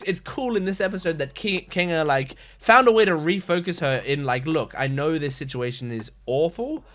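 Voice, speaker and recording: A man's voice: mid-range voice, a bit bright. A man hosting a reaction video, giving earnest, rambling, reflective commentary in a casual way.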